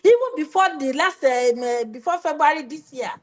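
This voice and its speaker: A woman's voice: sits high, lively intonation, normal speed. A woman judge, stern and scolding as she presides over a court hearing. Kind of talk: courtroom proceedings.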